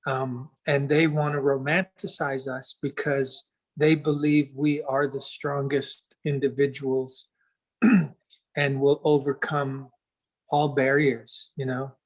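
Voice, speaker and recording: Slow, earnest man telling a story. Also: mid-range voice, flat delivery, low-quality recording. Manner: earnest and unhurried, searching for words. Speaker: interview guest. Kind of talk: reflective storytelling conversation.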